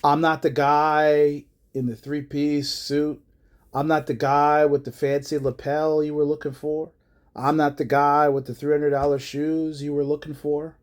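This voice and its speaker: A man voicing a smug male wrestling executive, speaking low, quiet and mocking. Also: level tone, a little slow, lightly acted.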